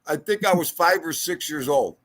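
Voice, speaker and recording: A man's voice: a little high, moderate pace, fairly bright tone. A man co-hosting a livestream podcast who tells stories in casual chat and keeps checking in with "okay?". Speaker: livestream co-host.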